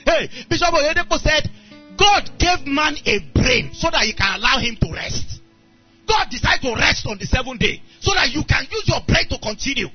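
Animated preacher, high voice. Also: male voice, normal speed. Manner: animated storytelling, voicing characters. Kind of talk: sermon. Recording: dull lo-fi sound with faint music.

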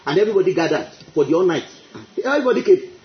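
Speaking rapid-fire in a high voice with lively intonation, a man preaches emphatically, circling back over his phrases and breaking out in praise. It's captured on echoey, muffled lo-fi audio.

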